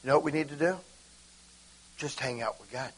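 A man preaching an informal sermon, animated and acting out conversations with God. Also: mid-range voice, fairly quick, husky, low-quality recording.

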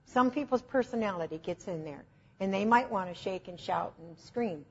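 A woman's voice: medium pitch, lively intonation, moderate pace, husky, lo-fi sound. A woman preaching an informal teaching sermon, telling stories in an earnest, conversational and self-deprecating way.

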